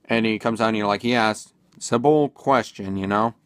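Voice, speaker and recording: A man's voice: fairly low pitch, moderate pace, clear, resonant tone, dry recording, studio quality. A man casually commenting in a vlog, rambling and hesitant with many fillers and restarts. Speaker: video commentator.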